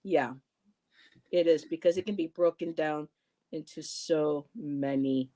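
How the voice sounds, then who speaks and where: Speaking a little slowly in a low, dark-toned voice, a woman runs a casual livestream over a rough recording. She greets viewers by name and reads their comments out, often stumbling into ums and restarts.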